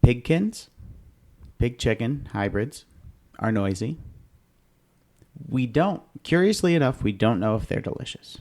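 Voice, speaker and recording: A man's voice: medium pitch, expressive, slow pace, long pauses, darkish tone. Playful joking man, casual podcast chat. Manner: playful, dramatic, jokey. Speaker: podcast co-host.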